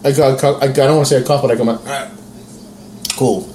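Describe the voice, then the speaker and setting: A man telling a story in a casual podcast chat, animated and profane, acting out the quotes. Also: medium pitch, fast talker, echoey room, slight background noise. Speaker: podcast co-host.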